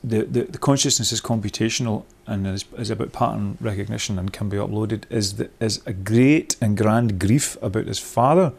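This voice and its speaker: A man's voice: on the low side, normal speed, vocal fry, few pauses, darkish tone, breathy edge. Rambling man leading a workshop. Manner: rambling, thinks aloud with many restarts. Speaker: workshop leader. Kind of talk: discursive workshop talk.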